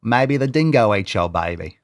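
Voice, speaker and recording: Low-voiced mocking male reaction host. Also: expressive, normal speed, dry recording, clean studio sound. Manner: mocking, incredulous, repeats clips. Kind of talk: reaction commentary.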